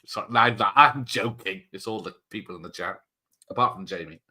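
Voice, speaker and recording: Jokey host, slightly low voice with a bright edge, rambles happily through live commentary. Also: male voice, moderate pace. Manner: chatty, joking, rambling tangents. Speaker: watch party host. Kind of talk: casual live-stream commentary.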